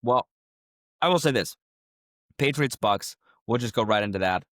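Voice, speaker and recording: A man's voice: medium pitch, normal speed, no echo, studio quality. A man co-hosting a sports podcast in casual chat, joking and laughing often while sick with a cough. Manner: excitable, jokey, laughs often. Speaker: podcast co-host.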